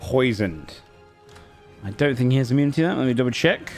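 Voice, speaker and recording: A man runs a tabletop game as its game master, calling results briskly. His voice sits at a middle pitch, and soft music plays behind him. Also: expressive. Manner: brisk, rules-focused calls.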